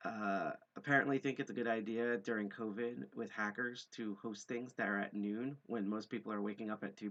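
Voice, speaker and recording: Low, mellow man hosting a livestream. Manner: rambling, many fillers, self-deprecating. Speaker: livestream host and hacker group co-founder. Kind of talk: casual livestream chat. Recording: dull lo-fi stream audio.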